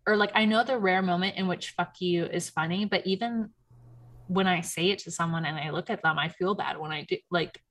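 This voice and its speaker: Bright-voiced woman gossiping, laughing often. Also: lowish voice, a little fast. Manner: animated storyteller, heavy on "like", laughs often. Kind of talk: casual chat recapping a reality show.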